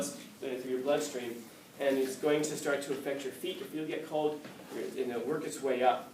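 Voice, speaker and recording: A male teacher with a fairly high voice gives an animated classroom lecture, acting out quoted lines and often restarting mid-sentence. He sounds far from the mic in an echoey room, with a faint room hum underneath. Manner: animated storytelling, acts out quotes, frequent restarts.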